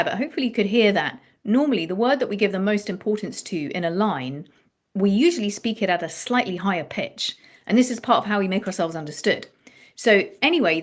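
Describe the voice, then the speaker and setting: A woman songwriting coach explaining melody writing in a thoughtful live-stream chat, often restarting her phrases. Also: mid-range voice.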